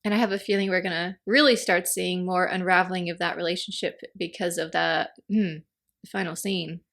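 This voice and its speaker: Creaky-voiced woman reviewing a TV episode. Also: fairly low pitch, a little fast. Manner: animated, acts out characters' lines in quotes. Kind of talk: casual spoken review.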